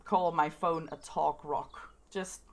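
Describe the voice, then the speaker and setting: A woman's voice: deep voice, fairly even intonation, slow. A young woman giving giggly, chatty let's-play commentary on a game, often laughing at herself. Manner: giggly, chatty, self-mocking. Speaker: gaming video host.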